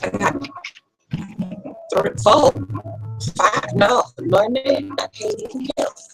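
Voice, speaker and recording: A woman hosting a casual late-night chat, talking bluntly and profanely in animated storytelling. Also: high-pitched, slow, creaky, soft background music, poor audio. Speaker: host.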